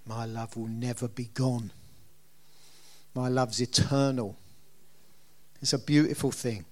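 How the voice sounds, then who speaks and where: Taking it slowly with a steady tone and medium pitch, a middle-aged man preaches to his listeners in a conversational manner. Questions to the congregation come up often.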